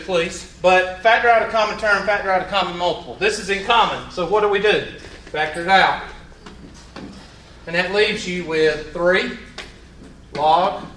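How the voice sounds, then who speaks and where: Bright-voiced Southern man teaching math. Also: sits high, a little hiss or hum. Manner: folksy, joking asides while working problems. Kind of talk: classroom lecture. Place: classroom. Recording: echoey classroom from far off.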